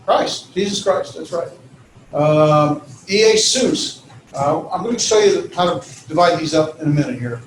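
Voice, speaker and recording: Male instructor, slightly higher voice, loose delivery with fillers; distant mic, roomy classroom. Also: moderate pace, slight background noise. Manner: informal, lots of fillers and self-corrections. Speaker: teacher. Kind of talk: classroom lecture. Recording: echoey classroom from far off.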